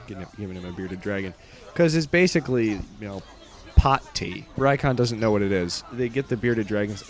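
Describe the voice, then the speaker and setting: A man recounting his character's day in a loose, rambling way, peppering every sentence with filler. His voice sits on the lower side. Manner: rambling, full of filler words. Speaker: storyteller recapping his character's adventure. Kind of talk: casual storytelling.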